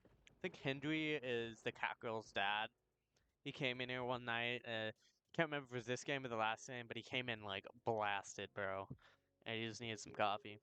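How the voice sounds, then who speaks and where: Smooth-voiced man chatting over gameplay. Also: mid-range voice, pushed and bright. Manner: chatty, self-correcting, laid-back. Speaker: gameplay video host. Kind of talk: casual game commentary.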